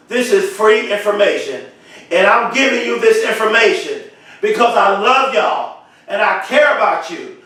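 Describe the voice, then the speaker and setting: A man giving an impassioned motivational speech, repeating phrases and swelling into shouts. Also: high-pitched. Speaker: motivational speaker. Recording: very echoey, voice far from mic.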